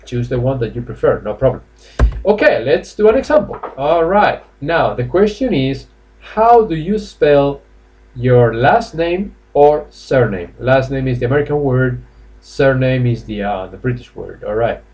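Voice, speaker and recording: Spanish-accented man, mid pitch, teaching an online English class, chatty, coaxing students. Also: lively intonation, a little slow, darkish tone. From Spain. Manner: chatty, coaxing, laughs often, many fillers. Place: classroom or office indoors.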